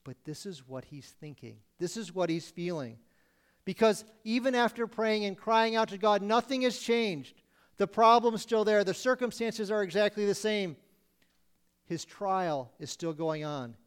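Preacher, male, high voice, earnest pulpit delivery. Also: measured pace, smooth. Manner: earnest, voices pleading questions to God. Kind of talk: sermon.

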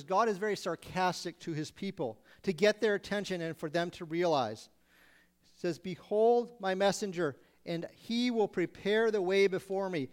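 Male preacher with a high-pitched voice, delivering a sermon that swings into loud acted-out pleas. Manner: acts out pleading voices with sudden loud bursts.

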